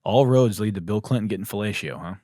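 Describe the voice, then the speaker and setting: A man's voice: on the low side, fast talker, dry recording, studio quality. A man hosting a comedy podcast, delivering a mocking satirical monologue. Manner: ranting, mocking, shouts and laughs.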